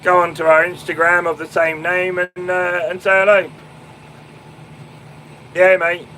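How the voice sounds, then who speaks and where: A young man with a Fenland English accent chats casually with viewers on a phone live stream from inside his tractor cab out in a field. His voice sits high, monotone and unhurried, pushed and bright, full of ums and restarts as he answers people and calls them mate and my man. There's slight background noise and the audio is poor.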